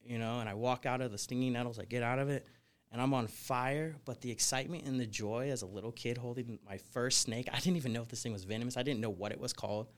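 Energetic man telling rambling stories. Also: mid-range voice, quick pace. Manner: energetic, rambling, frequent fillers like "you know". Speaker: guest, snake wrangler. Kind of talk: casual storytelling interview.

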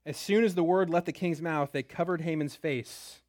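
A man's voice: a little high, normal speed, darkish tone, dry recording, clean studio sound. A young man teaching a Bible story in a casual style who keeps checking in with "right?". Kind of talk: lively Bible lesson.

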